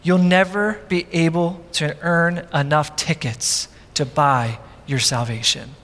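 Speaking a little high and taking his time, this pastor delivers a sermon that carries a long reverb tail. He tells it as a lively, conversational story, voicing each character's quotes himself.

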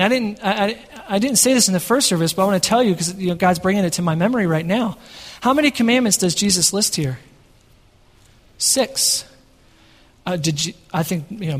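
A man preaching a sermon to his congregation in a church, energetic and often asking the room questions. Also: high-pitched, long reverb tail. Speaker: pastor. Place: church sanctuary. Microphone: headset microphone.

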